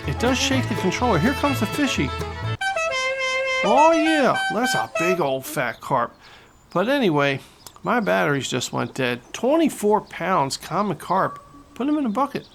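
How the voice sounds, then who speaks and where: Excitable gravelly male game commentator. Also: high voice, unhurried. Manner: excitable, playful, jokey. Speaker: gaming channel host. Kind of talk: gameplay commentary. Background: loud game music.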